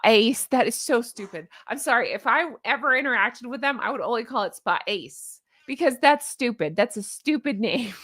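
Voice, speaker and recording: A woman's voice: fairly high pitch, a bit bright, no room sound, studio quality. A woman hosting a casual commentary livestream, chatty and sarcastic, laughing often and reading viewer comments aloud. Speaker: livestream host.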